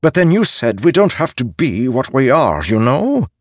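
A man's voice: medium pitch, big pitch swings, dry recording, clean studio sound, voice pushed up. A man voicing an insecure male spirit made of stars, who speaks hesitantly and apologetically. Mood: anxious earnest. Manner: hesitant, halting, pleading.

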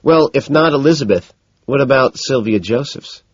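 A man's voice: mid-range voice, animated, normal speed, husky, dry recording, muffled recording, voice pushed up. A man voicing a fretful, exasperated young Wall Street man with a whiny tone.

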